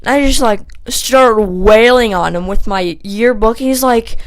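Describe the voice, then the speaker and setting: A young man telling a casual storytime vlog, rambling with lots of fillers and growing animated as he retells the story. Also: sits high, measured pace. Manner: animated when retelling the fight. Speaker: channel host.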